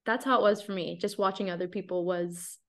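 A woman's voice: lowish voice, steady tone, a little fast, a bit bright. Chatty woman podcast host. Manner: chatty, candid, heavy use of "like". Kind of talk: casual podcast chat.

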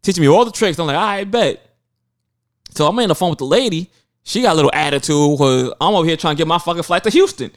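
A young man tells a story on a casual podcast, lively and profane. His voice sits a little high and jumps all over as he acts out the people in it. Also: quick pace. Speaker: podcast co-host.

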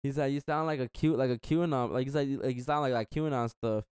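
A young man rambles through a story in a casual chat, slipping in slang and acting out each back-and-forth. His voice sounds smooth and clear at a middle pitch. The sound is close and dry. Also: steady tone, fast talker, a little mellow, no room sound. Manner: rambling, slangy, acts out quotes.

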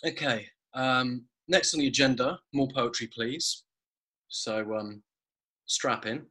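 A man's voice: mid-range voice, slow pace, pushed and bright. A man co-hosting a casual podcast chat, with a dry manner, who reads short comic poems aloud. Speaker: podcast co-host.

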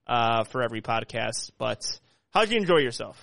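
A man's voice: medium pitch, big pitch swings, normal speed, creaky, a bit bright, dry recording. Nasal-voiced man hosting a podcast. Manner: rambling, joking, lots of restarts. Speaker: podcast host. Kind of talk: casual podcast chat.

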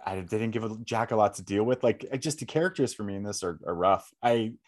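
A young man talks through a film in a casual review chat. His voice sits low, and he rambles easily with plenty of fillers. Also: fast. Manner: relaxed, rambling, many fillers.

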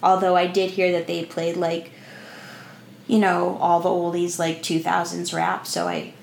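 A woman's voice: lowish voice, completely flat delivery, measured pace, gravelly. A woman in her twenties co-hosting a podcast, telling a travel story in casual chat with lots of "like" fillers. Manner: chatty storytelling, many "like" fillers. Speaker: podcast co-host. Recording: echoey room with faint noise.

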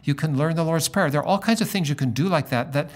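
A middle-aged man, a pastor, talking in a relaxed conversation and telling a story, acting out the lines of the people in it. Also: a little high, quick pace. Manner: animated storyteller acting out dialogue. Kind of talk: conversational storytelling in a podcast interview.

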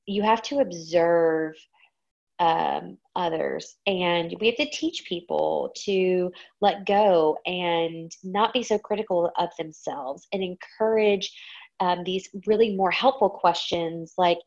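A woman with a slight lilt hosts her podcast alone, thinking aloud in a candid, reflective way. Her voice sits a little low, and the audio is somewhat dull and muffled. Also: takes it slowly, darkish tone. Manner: candid, reflective, with frequent ums. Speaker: podcast host. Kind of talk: casual solo podcast talk.

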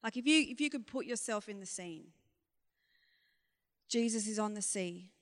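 A woman's voice: medium pitch, expressive, normal speed. A woman giving an informal sermon, candid and conversational, asking frank exasperated questions. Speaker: preacher. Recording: long reverb of a hall.

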